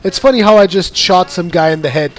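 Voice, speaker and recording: A man giving casual commentary over his own gameplay footage, chatty and quick to laugh as he acts out his own reactions. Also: high voice.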